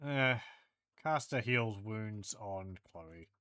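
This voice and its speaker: A let's play host works through a retro role-playing game, thinking aloud and reading out game text and combat results in casual commentary. His lowish voice is expressive and sharp in tone, extremely slow, and recorded at studio quality with no echo.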